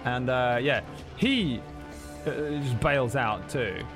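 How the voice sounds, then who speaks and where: Male game master, mid-pitch, casual narrating with music behind. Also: expressive, slow pace. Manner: casual, laughs often, filler words. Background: background music.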